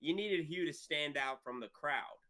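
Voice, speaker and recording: A man's voice: a little high, normal speed, a crowd in the background. A man co-hosting a podcast in casual chat, recapping scenes step by step and acting out lines. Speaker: podcast co-host.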